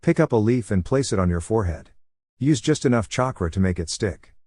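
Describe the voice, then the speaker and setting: A man as a gentle patient spirit mentor. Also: lowish voice, lively intonation, a little fast, breathy edge.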